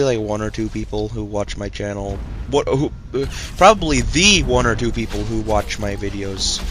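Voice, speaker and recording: A man's voice: mid-range voice, fairly bright tone. A young man hosting his own channel, telling a rambling story full of ums, restarts and self-mocking asides. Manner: hesitant, full of fillers and self-corrections, self-mocking.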